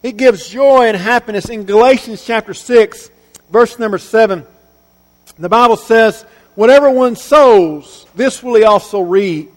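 Male preacher, high voice, earnest emphatic sermon delivery with repeated phrases and quiet endings, long church-hall reverb. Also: moderate pace. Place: church sanctuary.

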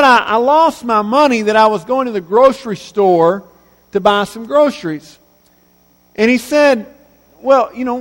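Male preacher, high voice, earnest emphatic sermon delivery with repeated phrases and quiet endings, long church-hall reverb. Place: church sanctuary.

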